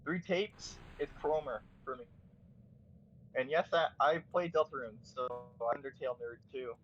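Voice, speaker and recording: A man's voice: medium pitch, normal speed, fairly bright tone, highs cut off, slight background noise. A man chatting casually while gaming, nervous and stammering, restarting his sentences.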